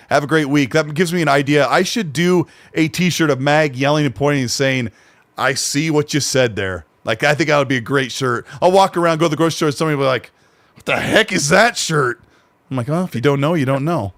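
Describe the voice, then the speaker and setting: Man, nasal, fairly high voice, dry close sound, casual podcast host reading chat donations. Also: no room sound. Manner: reads viewer messages aloud, easygoing.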